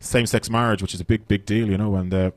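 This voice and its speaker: A man's voice: lowish voice, fairly even intonation, fast talker. An Irish man doing stand-up comedy on a festival stage, brash and profane, rambling through his stories.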